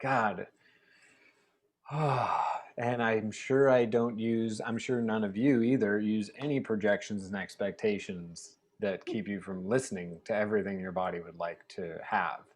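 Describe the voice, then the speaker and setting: A man as a guest on a video-call interview, chatty and animated, acting out dialogue and laughing often. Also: on the low side, unhurried. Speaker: guest facilitator. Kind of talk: casual storytelling interview.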